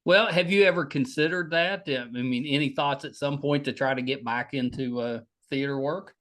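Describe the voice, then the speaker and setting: A man with a West Virginian accent hosting a podcast interview, talking in a halting way with many restarts. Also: mid-range voice, fairly bright tone. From West Virginia, United States. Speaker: podcast host. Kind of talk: casual interview chat.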